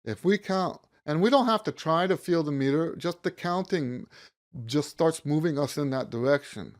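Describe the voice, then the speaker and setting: A man's voice: a little high, a little slow. A man teaching a music lesson, counting beats aloud and stopping to rephrase himself as he explains.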